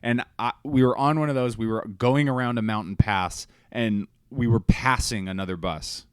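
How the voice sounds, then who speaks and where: A man co-hosting a podcast in casual chat, telling stories animatedly with sudden loud bursts. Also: mid-range voice, moderate pace, clear, resonant tone, no room sound, clean studio sound. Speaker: podcast co-host.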